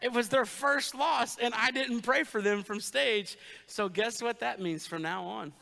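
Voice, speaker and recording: In a church sanctuary with long hall reverb, a male pastor preaches in a chatty, joking style, teasing the congregation with quick asides. His voice is very high-pitched, creaky and sharp.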